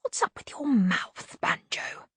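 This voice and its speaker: A woman reading an audiobook voices a neat, precise veteran thief with a soft, half-whispered voice. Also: slow, no room sound, clean studio sound. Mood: calm. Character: neat, precise older thief, calm and fussy.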